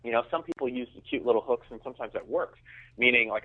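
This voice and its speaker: A man's voice: mid-range voice, fast talker, breathy edge. A man speaking as an interview guest. He talks emphatically and often repeats words as he starts a sentence. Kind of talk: conversational business interview. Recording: tinny phone line.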